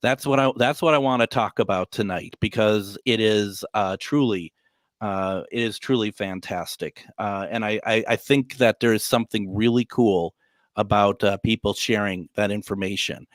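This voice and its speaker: A man's voice: fairly low pitch, moderate pace, dry recording. A man hosting a call-in radio show from a hotel room, talking casually in a rambling, joking way with lots of fillers and restarts.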